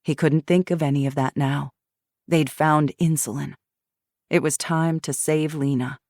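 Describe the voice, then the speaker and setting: A woman reads an audiobook in a steady, measured way. Her voice sits low, and the close studio sound is dry. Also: dry recording. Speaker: audiobook narrator. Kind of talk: scripted narration.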